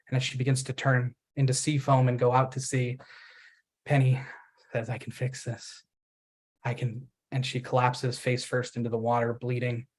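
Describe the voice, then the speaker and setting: A man pitching a screenplay at a festival event. He tells the story vividly and acts out the characters' quoted lines.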